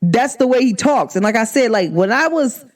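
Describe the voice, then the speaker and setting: A woman's voice: on the high side, lively intonation, moderate pace. A woman talking candidly to her viewers in a casual vlog chat, emphatic and full of slang. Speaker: vlogger.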